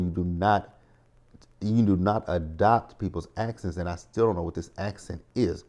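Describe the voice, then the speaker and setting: A man's voice: sits low, steady tone, normal speed, dark tone. A man in his thirties giving a chatty, opinionated recap of a reality show, talking straight to his viewers. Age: 30s. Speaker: TV recap host.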